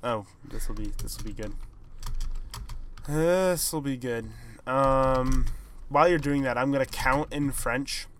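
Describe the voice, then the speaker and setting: A man's voice: mid-range voice, steady tone, a little slow, a little hiss or hum. Rambling young man, casual podcast chat. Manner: rambling, hedging, trailing off quietly. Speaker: podcast co-host.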